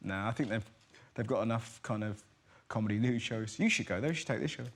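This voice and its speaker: A man's voice: mid-range voice, a little fast. An English man in his thirties, a comedian guest telling stories in a chatty, giggly way. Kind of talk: talk show anecdotes. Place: TV studio. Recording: noisy TV studio.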